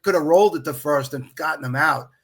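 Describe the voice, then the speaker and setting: Man telling a baseball story, higher voice. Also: a little fast, husky. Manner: animated anecdote-telling, quotes others in dialogue. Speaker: podcast guest, official baseball scorer. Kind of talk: storytelling in casual chat.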